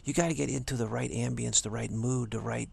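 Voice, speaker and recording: A man hosting a casual spiritual talk video, rambling playfully with hushed asides. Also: mid-range voice, steady tone, fairly quick, gravelly, husky.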